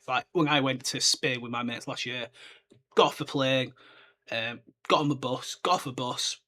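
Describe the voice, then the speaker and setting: A man's voice: mid-range voice, moderate pace, bright, forceful tone. A young man hosting a podcast, chatting casually and rambling with lots of filler words. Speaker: podcast host. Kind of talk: casual solo book discussion.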